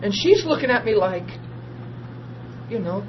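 A man, preaching and telling a personal testimony, swinging from hushed talk to loud tearful laughter. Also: high-pitched, sing-song, a little slow. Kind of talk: testimony storytelling. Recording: dull lo-fi audio with noise.

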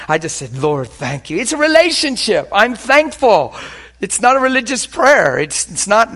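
A man preaching a sermon, animated and full of stories, moving between loud exclamations and quiet, hushed asides. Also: sits high, measured pace.

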